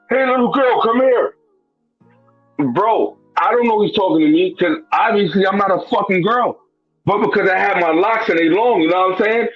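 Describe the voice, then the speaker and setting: A man's voice: high-pitched, no room sound, dull audio. A man telling a personal story in a casual, profane, streetwise way, full of "bro" and "you know what I'm saying.". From Brooklyn, New York. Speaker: guest.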